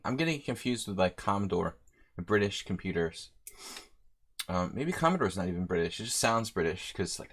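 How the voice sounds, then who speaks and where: A man's voice: fairly low pitch, fairly bright tone. A man hosting a live chess stream, chatting casually and rambling as he reads out viewer names.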